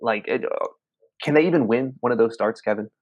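Man, sports podcast host, energetic and opinionated, dry close sound. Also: mid-range voice, dry recording, lo-fi sound. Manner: energetic, opinionated, quick run-on sentences. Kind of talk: casual sports chat.

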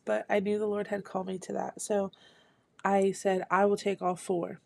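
A woman's voice: mid-range voice, level tone, moderate pace, vocal fry, a little mellow, dry recording. A woman giving an earnest, personal devotional testimony. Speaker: speaker sharing a testimony.

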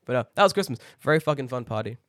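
A man's voice: mid-range voice, very fast, no room sound. Give me a man chatting on a podcast, swearing and telling stories, in a dry room. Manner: rambling, swears a lot, animated storytelling. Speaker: podcast co-host. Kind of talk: casual chat.

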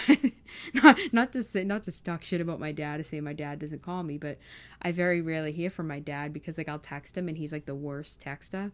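A young woman makes a casual personal vlog about leaving home, emotional and close to tears, with many fillers. Her voice is low-pitched and fairly bright, and she talks a little fast.

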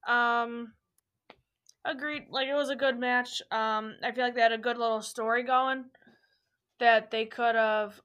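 Bright chatty woman, cracking voice. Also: on the high side, fairly even intonation, unhurried, clear, resonant tone, lo-fi sound. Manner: chatty, lots of fillers and laughs. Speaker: podcast co-host. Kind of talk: casual wrestling chat.

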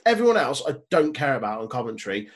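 A man's voice: medium pitch, very animated, fast, husky. A young man co-hosting a casual chat, making jokey, sweary asides and laughing often. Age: young adult. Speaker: podcast co-host.

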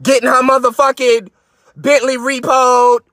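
High-pitched man ranting, bright tone. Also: flat delivery, unhurried, no echo. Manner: profane, mocking, shifts into shouting. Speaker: podcast host. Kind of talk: ranting live stream. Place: in his car.

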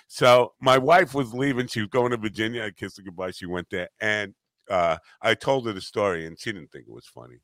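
Podcast host, a man in his fifties with a low, bright voice, dry close sound, a rambling storyteller. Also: normal speed, dry recording. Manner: rambling, self-interrupting storyteller who laughs at his own stories. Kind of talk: casual chat, storytelling.

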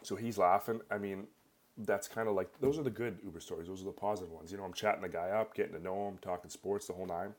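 Brief: young Canadian man, deep voice, rattles off an anecdote quickly. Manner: rambling, filler-heavy, animated. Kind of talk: casual personal storytelling.

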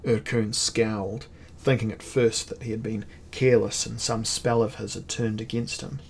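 A man narrating a fantasy novel as an audiobook in a measured, dramatic way. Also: lowish voice, steady tone, creaky, a little hiss or hum.

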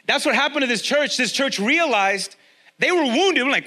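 High, bright-voiced energetic preacher man. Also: normal speed. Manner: energetic, conversational, repeats key lines for emphasis. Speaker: pastor. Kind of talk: sermon. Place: church with a congregation, also streamed online.

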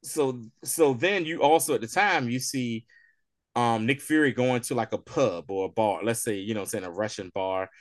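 A man of middling pitch talks through a TV episode in loose, slangy chat, acting out bits of dialogue as he goes. The sound is close and dry, with no room around it. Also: normal speed, no room sound. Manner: animated, slangy retelling full of "she was like"; laughs often while talking. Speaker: TV show reviewer. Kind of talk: casual spoiler-review chat.

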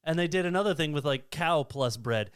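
A man's voice: a little high, lively intonation, fairly quick, a bit bright, smooth, no echo, studio quality. A man co-hosting a casual podcast, joking around and reading news items aloud with a sarcastic lilt. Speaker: podcast co-host.

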